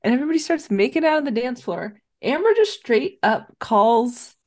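A woman co-hosting a podcast, retelling a film's scenes in an animated, casual way with crude humor. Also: on the high side, moderate pace. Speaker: podcast co-host. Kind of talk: casual chat, recapping a film.

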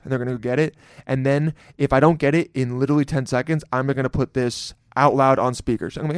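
A man's voice: mid-range voice, steady tone, fast talker, few pauses, clean tone, no echo, studio quality. Rambling, profane male podcast host. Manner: loose, profane, jokey rambling with laughs. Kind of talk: casual solo podcast intro.

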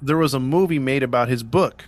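A man's voice: medium pitch, a little fast. A man hosting a podcast, telling a true-crime story in casual chat with lots of fillers and sarcastic asides. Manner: rambling, frequent "you know" fillers and restarts. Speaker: podcast host.

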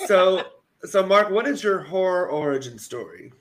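A man co-hosting a podcast, putting questions to a guest and offering slow, encouraging interjections. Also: high-pitched, lively intonation, fairly bright tone. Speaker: podcast co-host. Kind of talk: casual chat. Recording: noisy.

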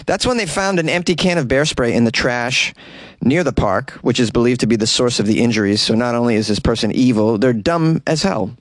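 A man's voice: mid-range voice, brisk, dry recording. A man hosting a comedy news podcast, riffing sarcastically and animatedly on weird stories. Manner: sarcastic, animated, jumps into mocking voices. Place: small closet.

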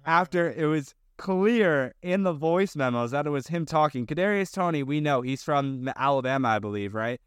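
Man with a smooth, resonant voice. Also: fairly high pitch, lively intonation, normal speed, few pauses, no room sound, clean studio sound. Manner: rambling, with many fillers and restarts. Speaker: podcast co-host. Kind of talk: casual chat.

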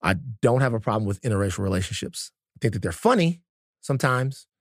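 A man co-hosting a podcast, speaking in an everyday stop-start way and restarting his sentences often. His voice sits at a middle pitch for a man. The sound is dry and close, with almost no room echo. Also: animated, fast. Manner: conversational, stop-start with many fillers and restarts. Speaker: podcast co-host. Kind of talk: casual podcast chat.

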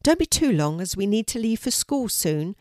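A grandma voicing a gentle, caring mum. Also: female voice, medium pitch, sing-song, moderate pace, no room sound, clean studio sound, pitched above the performer's own voice, natural voice. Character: gentle, caring young mother.

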